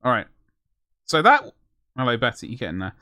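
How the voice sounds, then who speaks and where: A man's voice: medium pitch, huge pitch swings, fairly quick, pushed and bright, dry recording, clean studio sound. A young man chatting casually and jokingly while painting miniatures on a live stream, rambling with self-mocking asides.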